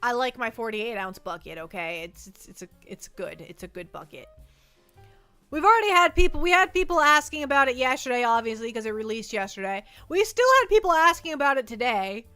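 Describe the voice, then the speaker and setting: A woman's voice: on the high side, very animated, brisk, bright, forceful tone, smooth, soft background music. A woman livestreaming from her desk at home, chatting playfully and rambling as she reads chat messages aloud.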